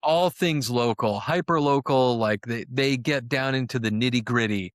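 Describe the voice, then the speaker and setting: A man's voice: mid-range voice, normal speed, no room sound, clean studio sound. A man co-hosting a soccer podcast in casual chat, rambling and profane with plenty of "uh" fillers. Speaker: podcast co-host.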